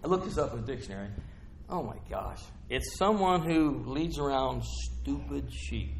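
A middle-aged preacher with a drawl who talks to his congregation in a chatty, folksy way and now and then lifts into excited bursts. His voice sits at an ordinary middle pitch for a man. A faint hum of the church hall runs under the sermon. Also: a little slow, creaky.

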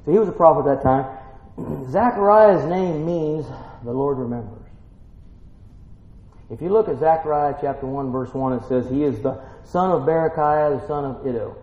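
A man preaching a folksy Bible-teaching sermon, swinging between quiet musing and excited exclaiming. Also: mid-range voice. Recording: echoey room, muffled lo-fi sound.

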